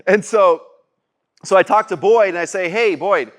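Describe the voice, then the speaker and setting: A man speaking on stage in a fairly high voice. He rambles and restarts his sentences. He laughs often and turns lively when he acts out his own past lines. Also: normal speed. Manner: animated when quoting himself. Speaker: keynote speaker. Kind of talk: personal storytelling keynote.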